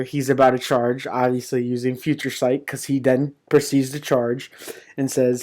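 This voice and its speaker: A young man talking through a comic chapter in a loose, excited ramble. He swears freely and keeps tripping over his words with fillers and restarts. His voice sits at an ordinary middle pitch for a man. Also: normal speed. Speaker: manga chapter reviewer. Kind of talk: casual recap and commentary.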